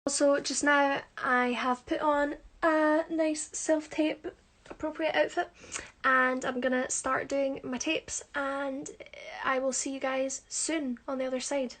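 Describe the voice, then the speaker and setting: A woman's voice: sits high, flat delivery, unhurried, fairly bright tone. A young woman, a musical theatre performer, chatting casually in a social media Q&A on a phone, giggly and self-deprecating. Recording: echoey room.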